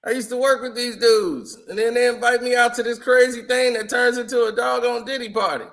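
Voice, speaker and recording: A man with a high, bright voice talks loosely over old photos. He chuckles often and tells stories in easy slang, like casual vlog commentary. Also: steady tone, a little fast, a little hiss or hum. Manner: chatty, laughs often, loose slangy storytelling. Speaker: vlogger.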